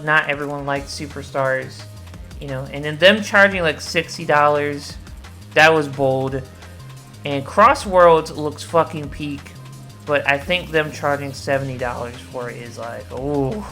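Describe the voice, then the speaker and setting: A woman with a very low speaking voice and a bright, forward tone. She talks casually to her viewers, rambling with enthusiasm and dropping swear words freely. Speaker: video creator. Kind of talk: casual excited commentary.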